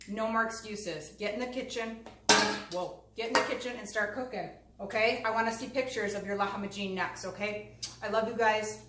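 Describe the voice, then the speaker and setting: An enthusiastic woman hosts a casual cooking show, talking directly to her viewers in an easy, chatty way. Her voice sits at an ordinary middle pitch. The room around her rings with echo, and a faint hum of background noise runs underneath. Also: moderate pace. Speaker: cooking channel host.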